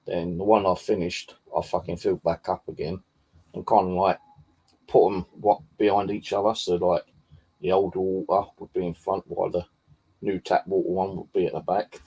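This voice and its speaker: Low gravelly bloke rambling on, swears a lot, husky dark voice. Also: male voice, level tone, normal speed, poor audio. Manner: rambling, swears often, many fillers. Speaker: vlogger. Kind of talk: casual rambling chat.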